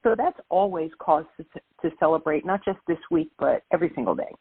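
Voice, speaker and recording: A woman's voice: low voice, sing-song, a little fast, vocal fry, husky, dry recording. Emphatic Brooklyn woman on a phone line. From Brooklyn, New York. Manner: emphatic, motivational. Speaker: guest speaker. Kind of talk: phone-in interview. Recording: dry, tinny phone line.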